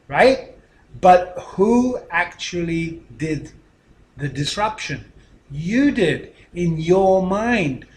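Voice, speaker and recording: A man giving a motivational teaching talk, emphatic, often dropping to a quiet voice for effect. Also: sits high, echoey room. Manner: emphatic, with dramatic drops to a quiet voice. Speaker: speaker teaching a session.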